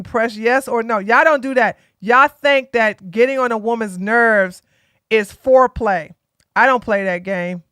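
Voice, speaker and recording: Her voice a little high and a bit bright, a weary Georgia woman runs a casual political stream, talking bluntly and with sass directly to chat. The studio audio is clean, with no room sound.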